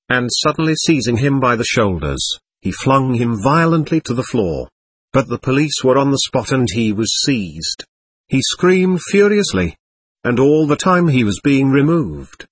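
Male audiobook narrator; husky, expressive, dry close sound. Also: medium pitch, no echo. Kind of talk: scripted narration.

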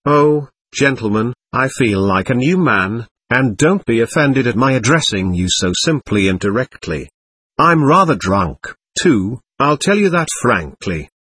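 A man reading an excitable, slightly drunk man under interrogation, who pleads nervously and repeats himself. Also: medium pitch, unhurried, breathy edge, dry recording, full character voice. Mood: eager. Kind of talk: audiobook reading.

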